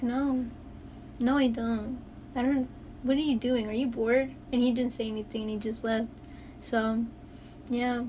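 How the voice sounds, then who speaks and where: Casting: young woman, high-ish voice, animated storyteller, slight background hiss. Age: young adult. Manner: animated storyteller, acts out quotes, swears freely. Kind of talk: casual chat.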